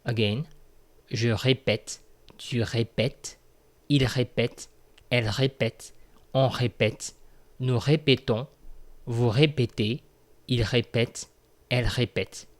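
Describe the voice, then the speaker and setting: Slow-paced man teaching grammar. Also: mid-range voice, steady tone. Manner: slow, repeats conjugations aloud, explains step by step. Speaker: French teacher. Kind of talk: grammar lesson.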